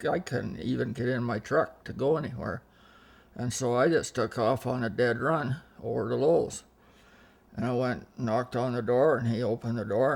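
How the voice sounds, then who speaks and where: A man's voice: medium pitch, gravelly. An older man telling rambling family anecdotes in a casual interview, often restarting his sentences and quoting what others said. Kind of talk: casual storytelling.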